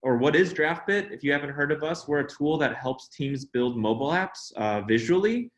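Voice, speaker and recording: A man's voice: fairly high pitch, lively intonation, normal speed, echoey room, low-quality recording. A man giving a casual tech talk at an online meetup over a video call, chatty and rambling. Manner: chatty and rambling, lots of "you know" and "uh". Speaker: guest speaker at online meetup.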